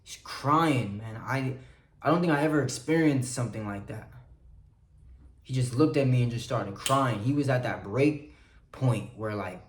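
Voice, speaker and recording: A man giving an earnest spiritual pep talk, shifting between soft confiding passages and loud urging ones. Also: medium pitch, unhurried, reverberant, a little hiss or hum. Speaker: motivational vlogger. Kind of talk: spiritual motivational monologue.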